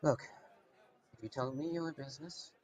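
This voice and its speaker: A man's voice: medium pitch, normal speed, darkish tone, some chatter behind, close to an everyday voice. A man voicing a suave, refined adventurer with affected, genteel phrasing during in-character tabletop role-play. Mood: smooth, coaxing.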